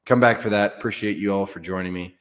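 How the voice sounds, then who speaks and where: A man's voice: lowish voice, fairly even intonation, fast, in a large hall. A man hosting a solo sports show, talking in a frank, offhand way with fillers and some mild cursing. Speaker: sports podcast host. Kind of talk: casual solo sports commentary.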